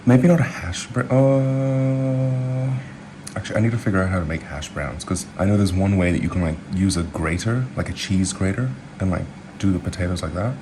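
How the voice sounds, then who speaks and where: A man's voice: sits low, fairly even intonation, normal speed, warm tone, slight background noise. A man from New Zealand who hosts his own cooking video, chatting in a loose, rambling way full of asides and filler words. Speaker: home cook vlogger. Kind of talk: casual cooking chat.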